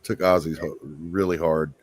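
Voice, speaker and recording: A man's voice: a bass voice, steady tone, moderate pace, slightly rough, dry recording. A man telling laughing, profane stories in a casual livestream chat. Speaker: panelist on a livestream.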